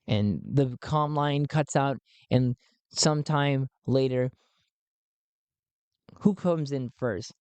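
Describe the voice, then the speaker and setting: A man's voice: mid-range voice, slow, pauses often, a little mellow, clean tone, no room sound. A man narrating and rolling dice in a solo tabletop game, thinking aloud and often restarting his sentences.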